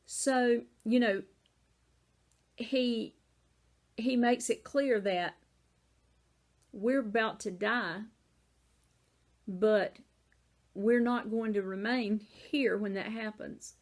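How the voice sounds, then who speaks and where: A woman's voice: fairly high pitch, drawn-out words, pauses often. A woman with a Southern American accent teaching a Bible lesson in a casual, conversational way, often saying "you know".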